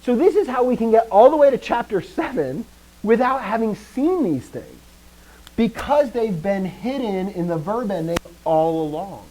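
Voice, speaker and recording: A man teaching Greek grammar to a class, lively, putting questions to his students and often dropping to a quiet trailing voice. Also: sits high, normal speed, poor audio. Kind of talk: classroom lecture.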